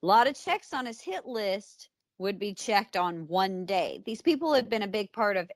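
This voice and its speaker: An American woman co-hosting a podcast recaps a true-crime story in a blunt, casual way, full of fillers and asides. Her medium-pitched voice is very animated at a normal speed, captured in clean studio quality with no room sound.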